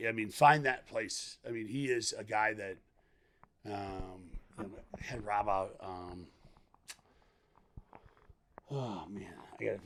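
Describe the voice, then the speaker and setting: A middle-aged man talks as a podcast guest, his voice sitting a little low. He tells his story candidly and at a wandering pace, breaking into quoted dialogue and laughter along the way. The talk is loose and unscripted. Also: a little hiss or hum. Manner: animated, rambling, acts out quoted dialogue, laughs often.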